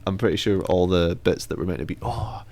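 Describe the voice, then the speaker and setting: A man's voice: low-pitched, fairly quick, darkish tone. A young man on a podcast, casual chat, blunt, opinionated and sardonic. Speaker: podcast co-host.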